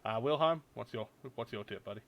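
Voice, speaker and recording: A man hosting a podcast, chatting casually, swearing a lot and breaking into loud outbursts. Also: mid-range voice, a little fast. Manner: swears a lot, loud bursts of laughter and outrage. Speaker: podcast host. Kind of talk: casual chat.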